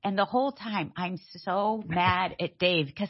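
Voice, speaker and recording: Low husky lady telling a story on a talk show, laughs a lot, kinda muffled audio. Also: measured pace. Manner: animated, laughs while telling stories. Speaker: radio co-host. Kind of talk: casual storytelling chat. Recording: dull lo-fi sound.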